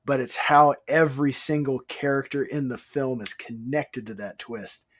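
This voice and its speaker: A man co-hosting a casual movie podcast, talking in halting bursts that build into excitement. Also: mid-range voice. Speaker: podcast co-host.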